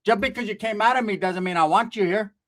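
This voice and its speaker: A man's voice: high-pitched, fast talker, fairly bright tone, pitched above the performer's own voice. A man voicing a blunt, foul-mouthed middle-aged aunt who scolds her son in a comedy story. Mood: scolding. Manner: blunt, cussing, dismissive.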